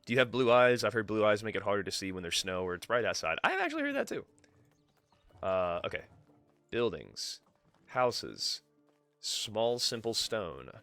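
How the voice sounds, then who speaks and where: A man's voice: lowish voice, huge pitch swings, normal speed, a bit bright, dry recording, faint music behind. A man streaming a game live, swearing freely and chatting with his viewers and his cat. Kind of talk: live gameplay commentary.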